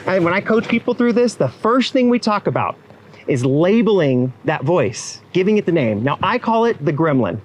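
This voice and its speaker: A man's voice: high-pitched, moderate pace, slight background noise, low-quality recording. A man giving a motivational keynote speech to event professionals. He talks straight to the audience with frequent asides and acts out the voices he quotes. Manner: animated, acts out quoted inner voices and clients.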